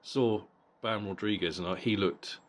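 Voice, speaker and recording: Deep-voiced blunt man reviewing a boxing fight. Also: moderate pace. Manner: blunt and profane, with frequent repeated words. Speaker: boxing vlogger.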